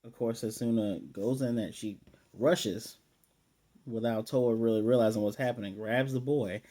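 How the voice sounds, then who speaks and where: A man's voice: medium pitch, moderate pace, warm tone. A man giving a casual, rambling episode recap and review of an anime, with sarcastic asides.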